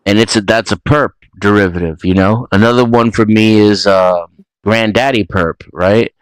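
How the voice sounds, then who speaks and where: Man, deep smooth voice, dry close sound, relaxed, easygoing. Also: moderate pace, dry recording, low-quality recording. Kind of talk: casual panel chat.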